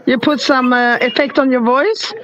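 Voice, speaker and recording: A woman's voice: sits high, fairly even intonation, moderate pace, slight background noise. Teasing woman on a muffled call. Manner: teasing, playful. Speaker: guest. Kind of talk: casual video call chat.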